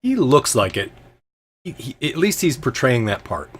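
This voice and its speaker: A man's voice: medium pitch, very animated, normal speed, breathy edge. A man narrating a tabletop game as game master, in a loose, hesitant way full of ums and filler words.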